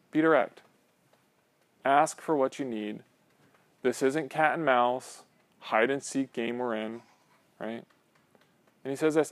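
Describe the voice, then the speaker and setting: A man's voice: medium pitch, normal speed, long pauses, no room sound. A male pastor preaching a conversational sermon, often asking his congregation "right?". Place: church.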